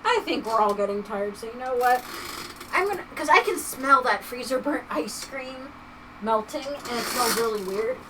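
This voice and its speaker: Bright, lively-voiced chatty woman. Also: a little high, moderate pace, recorded from a distance, noisy background. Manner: rambling, chatty, lots of filler words. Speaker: livestream host. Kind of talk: casual chat while crafting. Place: home crafting space.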